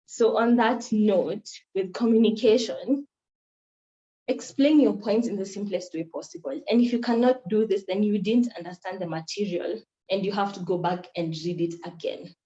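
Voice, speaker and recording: A young woman from Kenya teaches a workshop on moot court in an earnest, instructive way, circling back to repeat her main points. Her voice is mellow. The recording sounds roomy and a little muffled. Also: medium pitch. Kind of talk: workshop talk.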